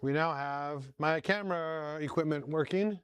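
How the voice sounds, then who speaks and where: A man's voice: fairly high pitch, unhurried, fairly bright tone, clean tone. A man hosting a casual workshop vlog from his home garage shop, talking viewers through each step as he works. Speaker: host.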